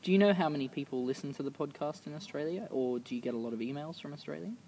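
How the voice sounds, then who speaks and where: Fast-talking male interviewer. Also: fairly high pitch, a little mellow, a little hiss or hum. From England. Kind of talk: casual interview. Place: backstage room.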